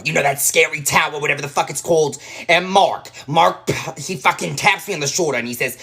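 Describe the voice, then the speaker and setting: A woman's voice: low-pitched, a little fast, gravelly, hardly any pauses, a bit bright, husky. A woman telling a profane, exasperated comedic rant about her boyfriend.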